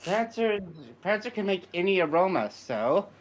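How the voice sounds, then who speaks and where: High-voiced man playing a tabletop game. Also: sing-song, normal speed. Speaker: player.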